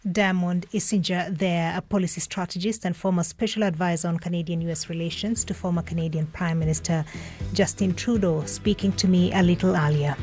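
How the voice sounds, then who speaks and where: A woman presenting a radio news programme in a clear, composed way. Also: fairly low pitch, steady tone, a little fast, a little mellow, faint music behind.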